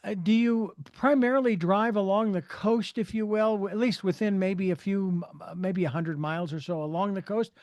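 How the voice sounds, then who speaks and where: A man's voice: sits high, moderate pace, few pauses, darkish tone, no echo. A man in his sixties from Phoenix, Arizona, hosting an interview show, rambling and hesitant with many fillers. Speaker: radio show host.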